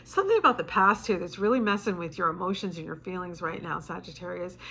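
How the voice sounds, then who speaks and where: A woman's voice: fairly low pitch, animated, quick pace, sharp tone. Woman tarot reader, casual talk to camera, choked up and tearful, chatty, light swearing, faint noise behind.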